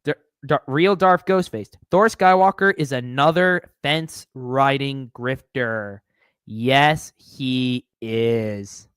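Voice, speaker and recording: A man's voice: medium pitch, slow pace, a bit bright, clean tone, dry recording, studio quality. A man hosting a live stream, reading viewer comments aloud and answering them with sarcastic, mocking commentary.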